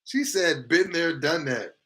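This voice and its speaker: A man with a fairly high voice runs a casual live stream, reading chat comments out and reacting to them. He talks in big swings, from loud exclamations down to muttered asides, and laughs often. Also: expressive, a little slow.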